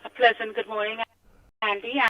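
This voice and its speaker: A woman's voice: fairly high pitch, little pitch movement, normal speed, muffled recording. A woman calling into a radio show, formally reading out greetings and thanks. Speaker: caller.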